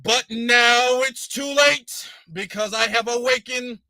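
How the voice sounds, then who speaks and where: Man doing a pompous orator, slow booming grand-speech delivery, high bright voice, dry close sound. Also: steady tone, gravelly, no echo, exaggerated voice. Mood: grandiose.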